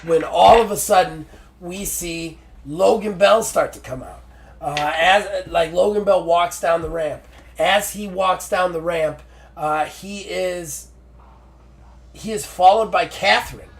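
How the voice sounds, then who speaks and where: Gravelly man narrating a wrestling game. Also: high voice, slow. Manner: excited play-by-play with many fillers. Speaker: game master and streamer.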